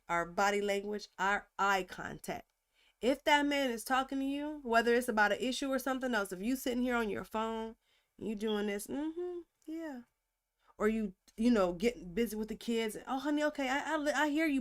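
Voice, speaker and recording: A woman hosting a casual relationship advice talk, emphatic and animated, acting out little scenes as she goes. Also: high-pitched. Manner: lively, emphatic, acts out examples. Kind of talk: live-streamed advice talk.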